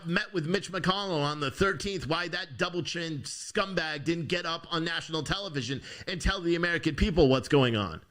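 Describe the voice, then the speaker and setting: A man's voice: fairly high pitch, fairly bright tone. A young man hosting a news show, ranting angrily with swearing and frequent restarts. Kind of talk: angry political commentary.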